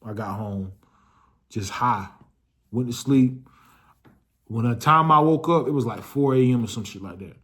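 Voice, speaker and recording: A man's voice: unhurried, long pauses. Slangy young man telling a storytime. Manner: loose slangy storytelling, swears freely, talks straight to viewers; voice jumps up when excited, drops low when reflective. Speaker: vlogger. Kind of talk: casual storytime monologue.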